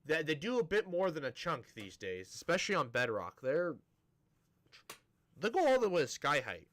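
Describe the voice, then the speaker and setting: A man's voice: a little high, wildly swooping pitch, moderate pace, a bit bright. A man streaming a building game, chatting casually to viewers in a rambling, self-interrupting way with a dry, sarcastic-sounding tone.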